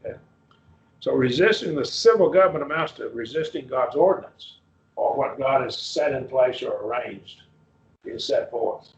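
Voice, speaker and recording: Man teaching a Bible class, gravelly. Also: medium pitch, animated. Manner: explains slowly, quizzing students, many restarts. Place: church classroom. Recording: roomy, muffled class recording.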